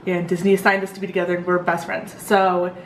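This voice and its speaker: A woman's voice: on the low side, monotone, fast talker, a little hiss or hum. A young woman vlogger telling a story in a casual, rambling way, full of fillers. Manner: chatty, rambling, lots of fillers. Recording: echoey room.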